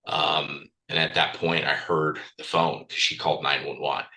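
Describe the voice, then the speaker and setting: Deep, bright-toned man telling a raw story. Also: flat delivery, moderate pace, rough recording. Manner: blunt, swears freely, emotional and raw. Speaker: podcast guest. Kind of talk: candid personal storytelling.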